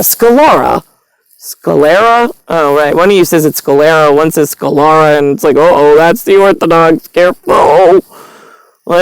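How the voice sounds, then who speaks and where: A woman's voice: mid-range voice, clean tone, no echo, low-quality recording. A woman delivering a rambling, angry, profane monologue to the camera.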